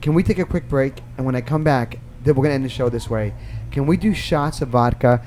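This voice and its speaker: A man with a New Jersey accent hosting a talk show, teasing his guests in playful, loud banter. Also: medium pitch, brisk, a little hiss or hum. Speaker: radio talk show host. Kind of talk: joking interview banter.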